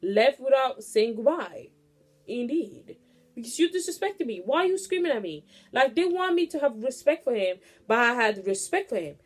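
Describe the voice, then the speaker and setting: A young woman near twenty, pitched a bit high, talks straight to her audience in a casual venting monologue. She rants bluntly and swears freely, keeping her delivery loose and animated throughout. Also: moderate pace, faint music behind. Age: late teens. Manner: blunt, profane, animated ranting. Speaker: vlogger.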